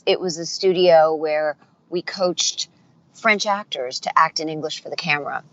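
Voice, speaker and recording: A woman's voice: low voice, moderate pace, dull audio. A middle-aged woman voice actor and dialect coach telling stories in a casual interview, acting out the voices she quotes. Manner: animated storyteller, acts out quoted voices.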